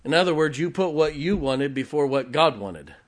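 A man's voice: fairly high pitch, expressive, moderate pace. A man preaching a sermon, retelling a Bible story in a folksy way and chuckling often as he goes.

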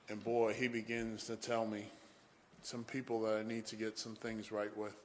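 A man's voice: fairly low pitch, flat delivery, normal speed, a bit bright, slight background noise. A man preaching a sermon, telling folksy stories and often saying "boy".

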